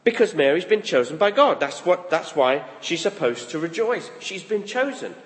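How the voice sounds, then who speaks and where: Lively high-voiced preacher in reverb. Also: male voice, moderate pace. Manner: lively, conversational, acts out quoted thoughts. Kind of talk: sermon. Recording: long reverb of a large hall.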